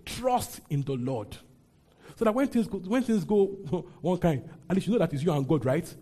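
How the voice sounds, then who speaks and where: A male pastor delivers a lively sermon, calling on the congregation to read scripture aloud with him. His voice sits a little high but sounds mellow and warm, with a husky edge. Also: normal speed. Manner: call-and-response preaching, leads congregation reading aloud. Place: church with a congregation.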